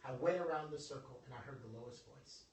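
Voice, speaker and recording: A young man giving an informal motivational talk to a small group, lively and joking in a preacherly way, calling on his audience. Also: on the high side, normal speed, crowd noise. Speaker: motivational speaker. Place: indoor room with a small audience. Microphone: phone livestream from across the room. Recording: echoey room, voice from a distance.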